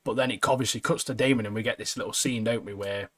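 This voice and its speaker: A man's voice: on the low side, fairly even intonation, quick pace, fairly bright tone, slightly rough. Chatty man recapping a show. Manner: laughing, chatty, says "mate" a lot. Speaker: podcast co-host. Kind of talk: casual chat.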